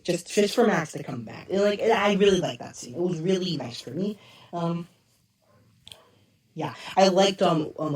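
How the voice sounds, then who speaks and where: A hoarse-voiced man rambling excitedly through a casual review. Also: high voice. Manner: rambling and excitable, loses track of names. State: hoarse, strained voice. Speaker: show reviewer. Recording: roomy, distant mic.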